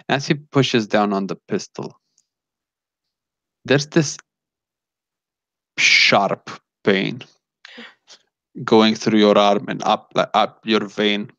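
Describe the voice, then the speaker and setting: A man's voice: lowish voice, fairly even intonation, extremely slow, long pauses, fairly bright tone, dry recording, lo-fi sound. A man narrating as game master of a tabletop game, describing scenes with frequent fillers.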